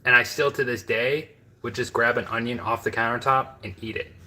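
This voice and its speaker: A man's voice: medium pitch, fairly even intonation, brisk, bright, forceful tone, low-quality recording. A man from the American Midwest, chatting casually to his viewers from his home kitchen, rambling with lots of fillers and asides. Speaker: home cooking vlogger.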